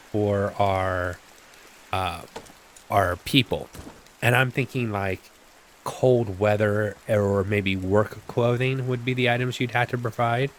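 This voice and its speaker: A man with a fairly low voice talks his way through a game session in a loose, rambling way. He pokes fun at himself and drifts into asides while he plays. A faint hiss sits under his desk-mic recording. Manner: chatty, self-mocking, rambling asides. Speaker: gameplay video host. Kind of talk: casual let's-play commentary. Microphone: desk microphone.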